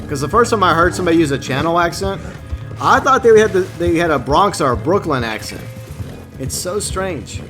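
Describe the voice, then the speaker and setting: A man with a higher, pushed, bright voice streams an online game and talks loosely to his chat, rambling and repeatedly stopping to restart his sentences.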